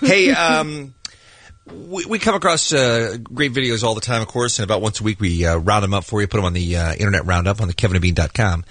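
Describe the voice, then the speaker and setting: A man's voice: on the low side, brisk. A man co-hosting a morning radio show, telling stories with wry jokes in casual banter. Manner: wry, joking, animated storytelling.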